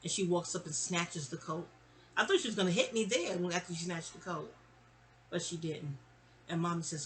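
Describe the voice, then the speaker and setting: A woman's voice: fairly low pitch, normal speed. Chatty New woman telling stories. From New York City. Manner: chatty, animated, digressive. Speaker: storyteller. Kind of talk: casual storytime venting.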